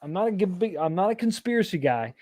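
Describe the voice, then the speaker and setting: A man's voice: high voice, very animated, fast, darkish tone, dry recording. A middle-aged man from East Texas, rambling casually as he reads viewer comments on a live stream, with self-deprecating asides. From East Texas, USA. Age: 40s or 50s.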